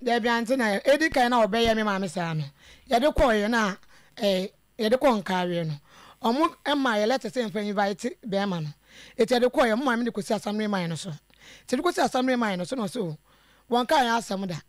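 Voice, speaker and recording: A caller with a Ghanaian accent telling a family dispute to a radio host, speaking haltingly and trailing off mid-sentence. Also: medium pitch, expressive, no room sound.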